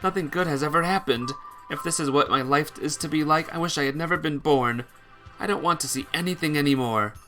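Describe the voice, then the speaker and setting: A man's voice: fairly high pitch, fairly quick, bright, forceful tone, faint music behind. A man voicing a despairing young bird who speaks in bleak, hopeless tones.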